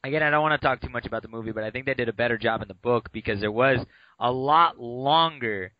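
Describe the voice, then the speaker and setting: A man co-hosting a casual book podcast, relaxed and agreeable, swearing casually as he gives his view. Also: mid-range voice, quick pace, no room sound. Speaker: podcast co-host. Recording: dull lo-fi dry recording.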